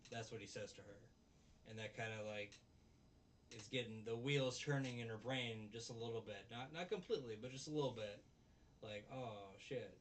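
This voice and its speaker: A man casually recapping an anime episode with animated retelling, recorded on a distant mic with faint background noise. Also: medium pitch, a little fast. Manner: animated retelling, acts out characters' lines. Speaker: anime review host.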